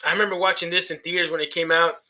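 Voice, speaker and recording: A man's voice: a little high, level tone, rapid-fire, bright, forceful tone, rough recording. A man co-hosting a podcast, chatting casually about horror movies in a rambling, profane way and laughing at his own jokes. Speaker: podcast co-host.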